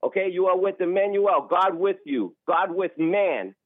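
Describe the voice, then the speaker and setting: A high-voiced man preaching and arguing as a caller, agitated and quick to talk over the other person. His voice comes through a thin, tinny phone line that sounds dry and close. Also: no echo. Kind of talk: heated religious argument on a call-in show.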